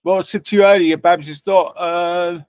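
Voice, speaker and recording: Guy hosting a stream, cheeky and profane, fairly high voice, dry mic. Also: steady tone, normal speed, a little mellow, smooth, no echo. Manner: teasing, banters with chat, swears freely. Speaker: livestream host chatting with viewers. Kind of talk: casual chat.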